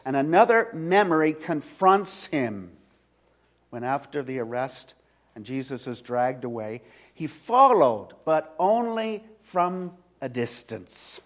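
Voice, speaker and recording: A male pastor preaching a sermon in a church, retelling a story slowly with dramatic swings from loud to hushed. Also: a little high, lively intonation. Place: church sanctuary.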